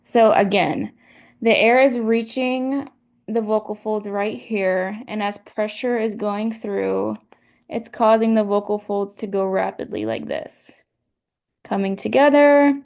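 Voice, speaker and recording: A young woman giving a class presentation, explaining a model slowly and step by step and repeating her points. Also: mid-range voice, lively intonation, creaky, highs cut off. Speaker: student presenter.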